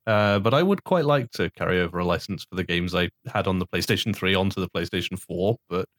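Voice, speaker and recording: A man's voice: deep voice, quick pace, a bit bright, no room sound, clean studio sound. A man co-hosting a casual chat, ranting and sarcastic, swearing at times. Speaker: podcast co-host.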